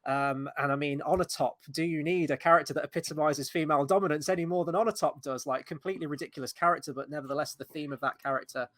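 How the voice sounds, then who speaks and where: A man with a somewhat high voice, talking casually about a film as a podcast guest. He hesitates with fillers and then picks up energy. The sound is close and dry, with no room in it. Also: fast talker, hardly any pauses, no room sound. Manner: hesitant with fillers, grows animated.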